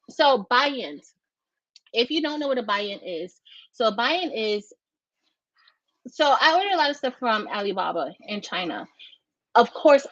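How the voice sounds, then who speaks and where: A woman hosting a casual craft livestream, chatty, greeting viewers by name with bursts of high excitement. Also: no room sound. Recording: dry, dull lo-fi sound.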